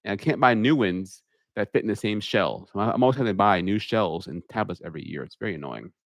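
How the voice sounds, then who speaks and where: A man's voice: on the low side, fast, creaky, no echo, clean studio sound. Man in his put-on public speaking voice. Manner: reads viewer questions aloud, then answers plainly. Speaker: airline pilot answering viewer questions. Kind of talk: live Q&A stream, casual chat. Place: home media room with green screen. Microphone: studio microphone on a holder.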